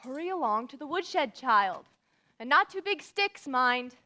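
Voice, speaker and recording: Brisk, bossy older farm woman, bright and forceful, pitched a bit high, played by a woman on stage. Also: animated, full character voice. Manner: brisk, commanding. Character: stern, no-nonsense older spinster farm woman. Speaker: stage actor in a youth musical. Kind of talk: live stage musical acting.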